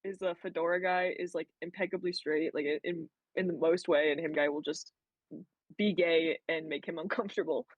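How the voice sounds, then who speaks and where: A woman's voice: lowish voice, normal speed, dry recording, muffled recording. A woman player in a tabletop game, chatting casually and swearing freely. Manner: animated, swearing, laughing often. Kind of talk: casual chat.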